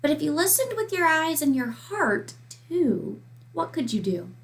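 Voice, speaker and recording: A woman school counselor giving a slow, emphatic lesson to young children. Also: sits high, big pitch swings. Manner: slow, emphatic teacher talk to young kids.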